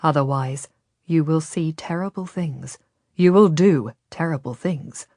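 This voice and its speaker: A woman voicing a smooth, persuasive Ottoman nobleman who speaks quietly and gently in an audiobook. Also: low voice, measured pace, dry recording, studio quality. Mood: coaxing, ominous.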